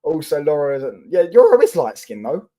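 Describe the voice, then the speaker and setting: A man's voice: on the high side, very animated, normal speed, mellow. Slangy London man on a livestream. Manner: chatty, slangy, answers chat comments with swearing. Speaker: football livestream host. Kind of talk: casual livestream chat with viewers.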